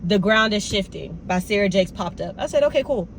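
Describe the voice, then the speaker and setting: A woman's voice: mid-range voice, fairly quick, a little hiss or hum. Chatty young woman vlogging to her viewers. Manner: animated, talks straight to viewers with "y'all" and "baby". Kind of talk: casual vlog talk.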